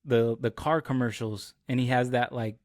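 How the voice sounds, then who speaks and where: A man's voice: medium pitch, steady tone, normal speed, a little mellow, no room sound. A young man hosts a casual podcast chat. He rambles and hunts for words, filling gaps with ums and likes. His voice sits mid-range, recorded dry and close. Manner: rambling, searches for words with many fillers. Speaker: podcast host.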